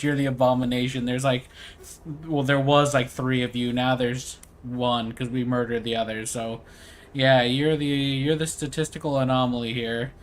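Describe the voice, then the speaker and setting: A young man casually commenting on his gameplay, rambling with fillers and slang. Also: mid-range voice. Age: young adult. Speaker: gameplay streamer.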